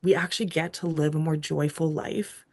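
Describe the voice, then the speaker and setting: A woman's voice: low-pitched, moderate pace. A woman guest on a podcast telling a personal story with feeling, acting out what she said back then. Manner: animated, acts out her own past lines.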